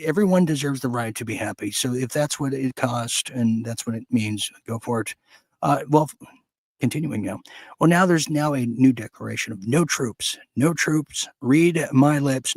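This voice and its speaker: Husky-voiced sarcastic male news host. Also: medium pitch, a little mellow, no echo. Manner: sarcastic, ranting asides between read headlines. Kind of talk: opinionated news commentary.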